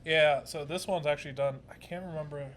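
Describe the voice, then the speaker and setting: A man's voice: on the high side, steady tone, brisk, a bit bright, a little hiss or hum. A young man co-hosting a casual podcast, explaining things at length with frequent fillers and restarts. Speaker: podcast co-host. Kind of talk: casual chat.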